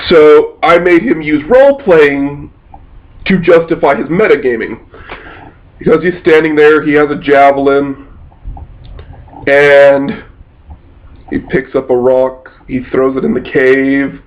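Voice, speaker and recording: A man's voice: mid-range voice, takes it slowly, long pauses, muffled recording. A man recounting a tabletop game session as its game master, telling it casually and rambling with frequent restarts and mild swearing.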